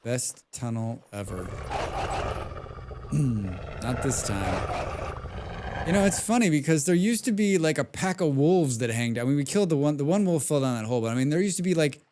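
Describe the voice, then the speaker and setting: A man's voice: a little high, sing-song, a little fast, noisy background. A man live-streaming a game, chatting casually in a rambling way, reading chat aloud and humming to himself as he plays. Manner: hums tunelessly while playing. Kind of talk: live gaming stream commentary.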